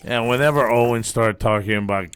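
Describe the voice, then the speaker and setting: A man's voice: medium pitch, fairly quick, a bit bright, clean tone. A man co-hosting a podcast, joking and swearing freely in casual banter. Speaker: podcast co-host.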